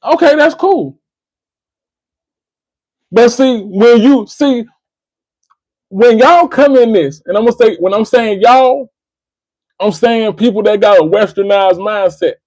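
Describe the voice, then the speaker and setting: A man's voice: sits high, takes it slowly, pauses often, darkish tone, no echo, rough recording. A man, hosting a call-in debate and lecturing the caller. He keeps repeating the caller's name and restarting his words. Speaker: host of a call-in debate stream. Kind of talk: argumentative call-in discussion.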